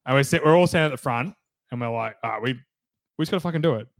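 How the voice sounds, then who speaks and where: A man's voice: medium pitch, very fast, no room sound. A young Australian man telling a laid-back story as a podcast co-host. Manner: laid-back, chatty, quotes others. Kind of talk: casual storytelling chat.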